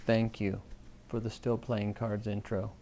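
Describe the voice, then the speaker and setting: A man's voice: lowish voice, little pitch movement, a little slow, dark tone, highs cut off. Podcast host, male, offhand and self-mocking, slight hiss under a home mic. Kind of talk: rambling solo podcast chat.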